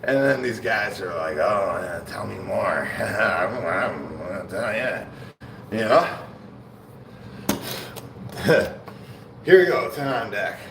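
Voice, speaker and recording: Between sets on a live bodybuilding stream, a man chats casually with viewers while training, laid-back, slangy, and often laughing. His fairly low voice has lively intonation, unfolding slowly with long pauses. The mic is far off in an echoey room, with faint ambience and a noisy background.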